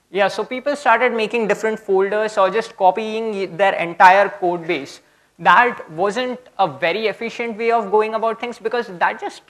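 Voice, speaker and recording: Speaking at a conference, a young man with a high-pitched, slightly bright voice delivers a technical talk in a relaxed, chatty style. He keeps asking "okay?" to check in with listeners.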